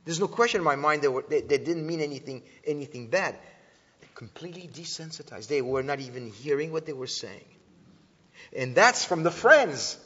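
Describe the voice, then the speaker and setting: A man with a somewhat raised pitch delivers an earnest talk to an audience, stumbling over restarts and filler sounds as he goes. The sound is dull and lo-fi, and a long reverb trails each phrase. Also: expressive, moderate pace, fairly bright tone, breathy edge. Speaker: speaker teaching about antisemitism.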